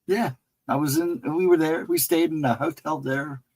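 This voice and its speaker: A man's voice: a little high, steady tone, moderate pace, a little mellow, breathy edge, poor audio. A man hosting a casual livestream chat, telling loose, rambling anecdotes and chuckling often as he talks to viewers. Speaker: livestream host chatting with viewers.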